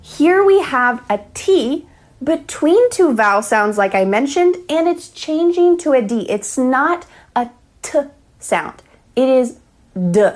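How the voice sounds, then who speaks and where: A woman giving a recorded accent lesson, speaking clearly and slowing down to model sounds. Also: sits high, expressive. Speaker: accent teacher.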